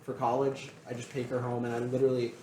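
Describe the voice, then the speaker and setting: A man's voice: mid-range voice, monotone, fast, mellow, echoey room, a little hiss or hum. A young man co-hosting a podcast, telling a story in a rambling, exasperated way with many fillers. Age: young adult. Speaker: podcast co-host. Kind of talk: casual storytelling chat.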